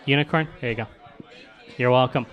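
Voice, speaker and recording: A man hosting a live comedy roast in a club banters with the crowd, sarcastically mock-reading lines and ridiculing them. His voice is medium in pitch, fairly quick, and fairly bright.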